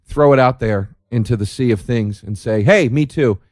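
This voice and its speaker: A man's voice: mid-range voice, normal speed, a little mellow, dry recording, studio quality. A man hosting a solo comedic podcast, speaking in a sardonic, profane, rambling way full of restarts. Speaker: podcast host. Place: indoor room by a window.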